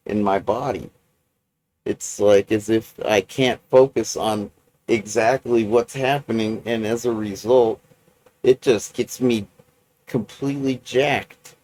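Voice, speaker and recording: A man recording a personal video journal, talking in a halting, rambling way with many restarts and fillers. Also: mid-range voice, darkish tone, no echo, low-quality recording.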